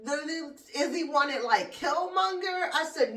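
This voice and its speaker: Sitting far from the mic in an echoey room, a woman with a school-age son hosts a podcast of profane, laugh-filled comedic rants. She speaks slowly in a high, bright, forceful voice with lively intonation.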